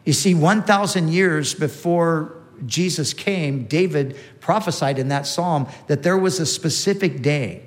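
A man delivers a sermon in a steady teaching manner. His voice sits a little high for a man. He often restarts a phrase and repeats the words he wants to stress. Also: unhurried, few pauses. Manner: teaching, with frequent restarts and emphatic repetition. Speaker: preacher.

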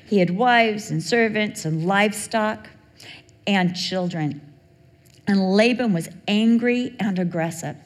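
Woman preaching in a reverberant hall. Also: medium pitch. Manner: animated storytelling, acts out quoted voices. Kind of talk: sermon with storytelling.

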